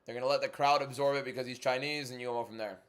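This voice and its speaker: A young man hosting a fight-night watchalong stream from home, reading viewer questions and giving frank, quick opinions in casual chat. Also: mid-range voice, fairly even intonation, a bit bright, smooth. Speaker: livestream host.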